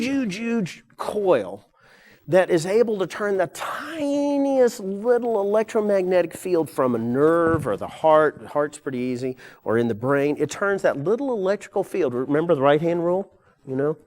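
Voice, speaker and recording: An older man giving a live lecture to an audience, rambling along with frequent fillers and self-corrections. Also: high voice.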